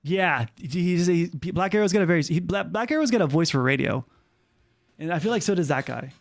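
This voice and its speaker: A man hosting and shoutcasting a game tournament on stream. He rambles and jokes between calls, with a voice that sits a little high for a man. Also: expressive, a little fast, vocal fry. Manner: rambling, joking, full of fillers. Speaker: host and caster. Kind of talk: casual esports shoutcasting stream.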